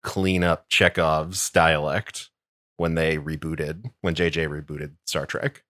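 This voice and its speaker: A man co-hosting a podcast, making measured points in casual chat with quiet laughs. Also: a bass voice, little pitch movement, no echo, studio quality. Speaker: podcast co-host.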